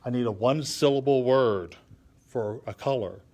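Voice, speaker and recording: A man's voice: mid-range voice, normal speed, a little mellow. A man teaching children a drawing and poetry lesson on a live stream, patiently counting syllables aloud as he thinks and draws. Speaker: art and poetry instructor for kids.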